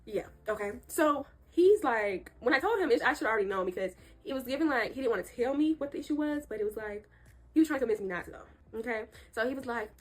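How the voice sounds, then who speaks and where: A woman's voice: on the high side, expressive, quick pace. A young woman telling a casual storytime to her viewers. She sounds congested and a bit nasal from allergies, and she keeps checking in with her audience in a chatty, emphatic way. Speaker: storytime vlogger. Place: indoor room.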